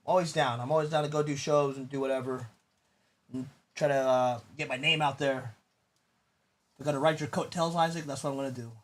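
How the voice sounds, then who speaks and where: A man's voice: mid-range voice, steady tone, a little fast, long pauses. A man in his thirties chatting casually on a live stream, rambling and swearing as he reads out chat. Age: 30s. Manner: rambling and profane, reading chat aloud.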